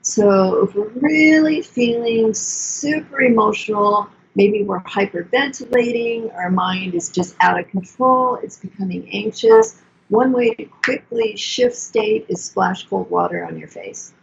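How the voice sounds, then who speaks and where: Older woman therapist, calm and soothing, slightly gravelly, dull lo-fi recording. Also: medium pitch, measured pace, slight background noise. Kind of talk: conversational teaching.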